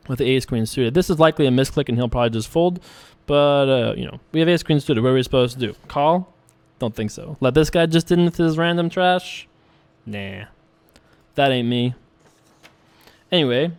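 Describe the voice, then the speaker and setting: A young man hosting a poker channel, chatting casually and rambling as he plays and reads viewer questions aloud. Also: fairly high pitch. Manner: rambling, chatty, self-correcting. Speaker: online poker vlogger. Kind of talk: casual commentary while playing.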